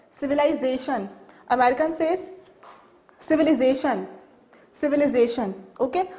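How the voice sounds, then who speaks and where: A woman teaching a recorded school lesson, speaking slowly, repeating key phrases and spelling words out letter by letter. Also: high-pitched, a little mellow.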